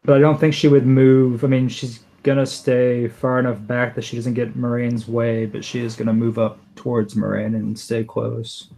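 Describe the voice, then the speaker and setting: A man's voice: medium pitch, level tone, moderate pace, vocal fry, hardly any pauses, mellow, rough recording. A man playing a tabletop role-playing game, thinking aloud hesitantly. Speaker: player. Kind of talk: casual chat.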